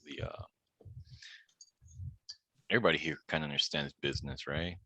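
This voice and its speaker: Deep-voiced man chatting on a video call. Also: normal speed, slightly rough, dry recording. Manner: relaxed, chatty, laughs while retelling. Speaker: host of an online practice group. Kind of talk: casual video-call chat.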